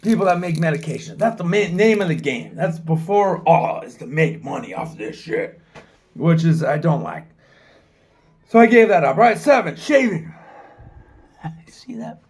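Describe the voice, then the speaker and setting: With a fairly high, slightly mellow voice, a U.S. man in his forties speaks at normal speed but is very animated. He's a travel vlogger rambling candidly into his own camera mic, swearing freely along the way.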